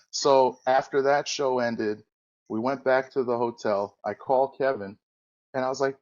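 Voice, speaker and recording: A man's voice: medium pitch, normal speed, darkish tone, muffled recording. A man guest on a podcast, casually telling a long anecdote, correcting himself and acting out the quoted voices. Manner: rambling, self-correcting, acts out quoted dialogue. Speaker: podcast guest, former wrestler. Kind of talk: casual storytelling interview.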